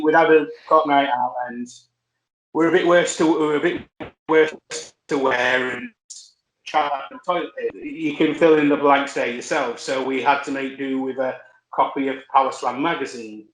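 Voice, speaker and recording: A man spins casual, meandering anecdotes, correcting himself as he goes. His voice sits a little high. The recording has a roomy echo. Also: moderate pace, slight background noise. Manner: rambling, self-correcting storyteller. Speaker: podcast guest.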